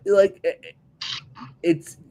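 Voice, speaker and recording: A man from the Pittsburgh area hosting a wrestling podcast, talking in a loose, profane, filler-heavy chat. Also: drawn-out words. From Pittsburgh area, USA. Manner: animated, swearing, lots of fillers.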